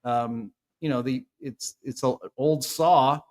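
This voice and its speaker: A man's voice: mid-range voice, takes it slowly. Opinionated man in his fifties. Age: 50s. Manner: opinionated, animated commentary. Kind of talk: casual podcast chat.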